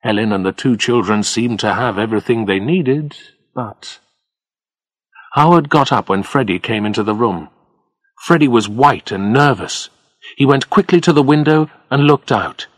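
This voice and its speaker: A man narrating a story for learners of English, reading in a clear, steady storytelling manner. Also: medium pitch, normal speed, no room sound.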